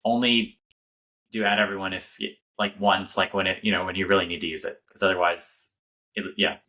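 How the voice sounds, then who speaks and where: Low, bright-voiced man co-host. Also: little pitch movement. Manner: measured, hesitant with ums, wry. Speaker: podcast co-host. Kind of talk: casual chat.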